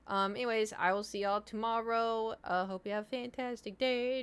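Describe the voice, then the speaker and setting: A woman's voice: on the high side, fairly even intonation, normal speed, few pauses, smooth. A young woman streaming, chatting casually with her viewers, rambling and self-deprecating, trailing off mid-thought.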